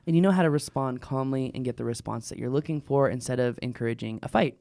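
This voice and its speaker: A man's voice: mid-range voice, fast, vocal fry, few pauses, a little mellow, no echo, studio quality. A man co-hosting a casual podcast, talking with enthusiasm. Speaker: podcast co-host. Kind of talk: casual chat.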